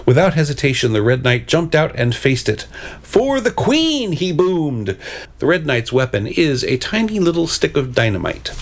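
A man reads a storybook aloud in a gravelly voice, stopping to describe its pictures. His pitch is lively and expressive, with hesitant asides between the lines of story.

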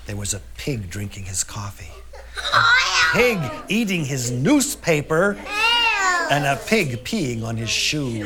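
A storyteller performing a children's tale live, with pitch that leaps around. The voice swings from loud to hushed and oinks along with the story. A crowd is clearly heard in the room. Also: a little slow. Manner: animated, shifts loudness for effect, oinks as pigs. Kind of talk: lively storytelling performance for an audience. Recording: live recording with audience noise.

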